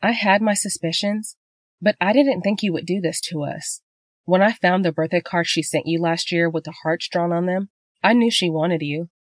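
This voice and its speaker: A woman's voice: on the low side, steady tone, moderate pace, dry recording, close to an everyday voice. A woman voicing a betrayed wife and mother who speaks in heated, angry bursts, in a dry-sounding audiobook reading. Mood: furious. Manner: heated, raising her voice in anger.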